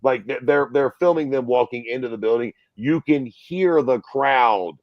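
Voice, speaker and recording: A man's voice: medium pitch, normal speed, no room sound, dull audio. A man hosting a casual podcast chat, ranting animatedly and swearing a lot. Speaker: podcast host.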